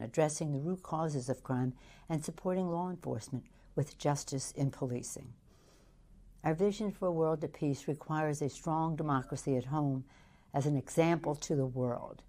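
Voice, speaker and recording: An older woman politician reading a campaign announcement in a slow, deliberate way. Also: sits low, dark tone.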